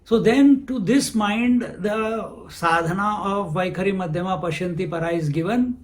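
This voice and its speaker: A man giving a spiritual discourse, unhurried, who asks questions and answers them himself. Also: high voice. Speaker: spiritual teacher.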